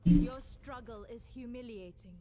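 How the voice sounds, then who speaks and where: An actress voicing a haughty female ruler who speaks in a cold, measured, scornful way in a strategy game. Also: on the high side, mellow, natural voice. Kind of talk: video game voice lines.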